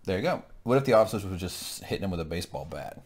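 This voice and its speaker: Animated, joking male podcast co-host. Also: low voice, quick pace. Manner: joking, animated, breaks into silly voices. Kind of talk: casual recap chat.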